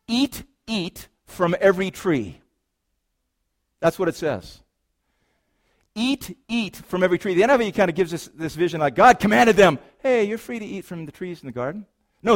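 A man with a high voice delivering a sermon to his congregation. He is playful and animated, dropping to a hush on serious lines and climbing into loud, excited exclamations. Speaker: pastor.

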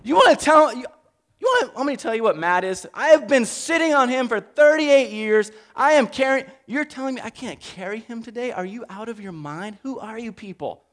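A man's voice: high-pitched, fairly quick, few pauses, fairly bright tone. A man doing a giddy, fed-up healed man. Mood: exasperated. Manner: incredulous, ranting.

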